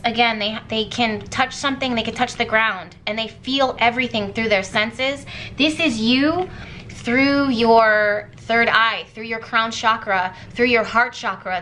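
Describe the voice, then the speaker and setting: A woman's voice: a little high, bright, forceful tone, slight background noise, rough recording. A young woman doing a tarot reading to camera, talking earnestly and repeating her points for emphasis. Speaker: tarot reader.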